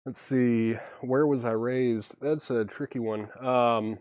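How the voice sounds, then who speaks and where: Male livestream host, mid-range voice, steady sales patter, self-deprecating, close dry mic. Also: mid-range voice, takes it slowly, no room sound. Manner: steady listing of titles and prices, self-deprecating asides. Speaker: host selling vinyl records on a livestream.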